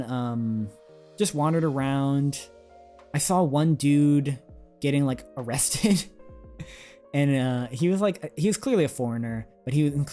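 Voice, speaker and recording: A man's voice: mid-range voice, mellow. A man streaming, casually telling a rambling story with many fillers and chuckles. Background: faint music.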